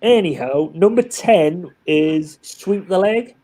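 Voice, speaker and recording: High male voice, casual live-chat participant, rambling anecdotal storyteller. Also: slow pace. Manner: chatty, animated storyteller with many restarts.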